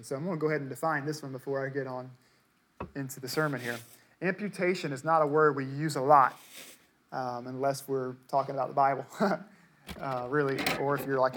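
A man's voice: mid-range voice, fairly bright tone. A man preaching a sermon to a congregation, conversational and emphatic, repeating words to stress his points. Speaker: pastor.

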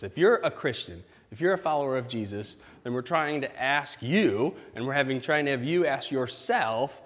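A man preaching a casual sermon, playful and animated, with exaggerated reactions. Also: fairly high pitch, in a large hall. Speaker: pastor.

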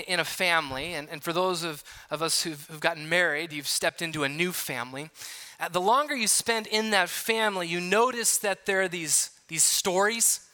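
A man's voice: high-pitched, sharp tone. A man preaching a sermon as pastor, telling a family story in a conversational way with jokes and questions to the congregation. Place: church hall.

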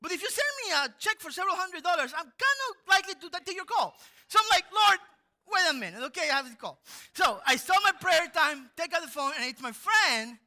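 A man, a pastor, preaching a sermon as animated storytelling, often jumping into loud acted quotes. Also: very high voice, brisk.

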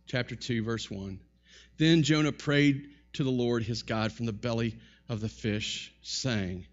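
A man preaching a sermon in an animated style, his voice rising and falling sharply. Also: mid-range voice, a little slow, lo-fi sound. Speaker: pastor.

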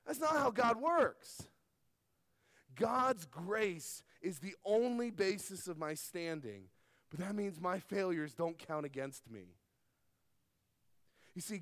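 High-voiced emphatic male preacher. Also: no echo. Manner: emphatic preaching that swings between loud stresses and soft asides. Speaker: pastor. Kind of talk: sermon.

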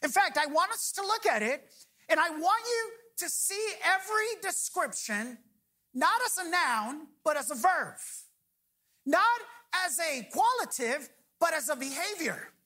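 A woman pastor delivers a sermon in a high, ringing voice. She preaches emphatically and slows down to press home key phrases. She often leaves a line open for the congregation to complete. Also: sing-song, pushed and bright.

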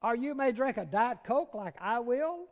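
A man with a Southern American accent preaching a sermon, dropping to hushed, drawn-out words and rising to loud, urgent cries. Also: very high voice, animated, muffled recording. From Southern United States. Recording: long reverb of a large hall.

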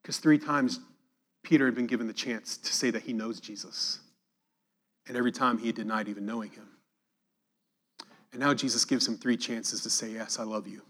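Male preacher, mid-pitched voice, moves between emphatic scripture reading and hushed reflection. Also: fairly even intonation, normal speed, pauses often. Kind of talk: sermon reading and expounding scripture.

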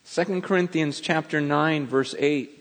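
A man preaching with a fairly high voice, earnest and urgent, stumbling over repeated words as he drives his point home. His voice rings with the long reverb of a large hall. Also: measured pace. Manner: earnest, repeats words and restarts, swings between soft and emphatic. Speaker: pastor. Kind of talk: sermon.

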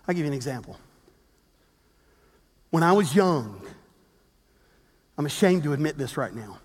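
A pastor in his fifties preaching a sermon with animated storytelling, acting out the quotes he tells. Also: on the high side, normal speed, slightly rough, in a large hall.

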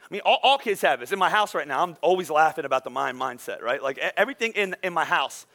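A man's voice: fairly high pitch, fast talker, gravelly. A man in his forties preaching a sermon to his congregation, throwing questions at them and acting out children's outbursts. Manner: animated, acts out kids' outbursts; talks to the congregation, asks questions. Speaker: pastor.

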